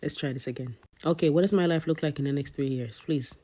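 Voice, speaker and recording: A woman's voice: low-pitched, fast talker, mellow. A young woman doing comedic rants and mock courtroom sentencings with an exasperated, sarcastic delivery. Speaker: comedy content creator.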